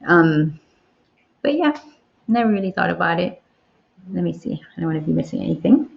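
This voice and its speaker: A woman's voice: fairly low pitch, sing-song, moderate pace, gravelly. A woman hosting a casual livestream Q&A, talking candidly and swearing freely. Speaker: livestream host. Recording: dull lo-fi livestream audio.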